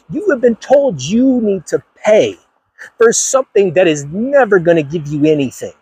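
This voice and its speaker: A man's voice: high voice, sing-song, normal speed, darkish tone, breathy edge. A man hosting a livestream, ranting emphatically to his viewers and repeating himself for effect. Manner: emphatic, repetitive, addresses viewers directly. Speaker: channel host.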